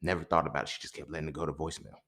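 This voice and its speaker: A man's voice: a bass voice, flat delivery, racing, fairly bright tone. A young man and podcast host telling a personal story in an emphatic, profane way, often checking in with his listeners.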